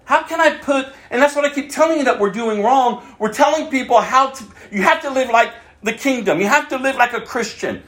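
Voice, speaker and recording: A man preaching a sermon, moving from loud calls to hushed, near-whispered asides. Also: very high voice, fairly quick, few pauses, roomy sound.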